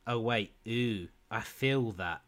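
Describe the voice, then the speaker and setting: A man co-hosting a casual comedy podcast, reading film dialogue deadpan and laughing often. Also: fairly low pitch, slow. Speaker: podcast co-host.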